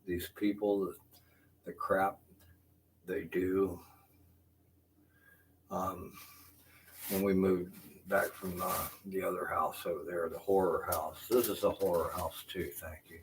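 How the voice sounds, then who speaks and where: A frustrated older man rambles from a room in his house, swearing and then apologizing for it. His voice sits very low. He sounds distant from the microphone over steady background noise. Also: slow, pauses often. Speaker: vlogger. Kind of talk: rambling live-stream talk. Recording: distant, noisy home recording.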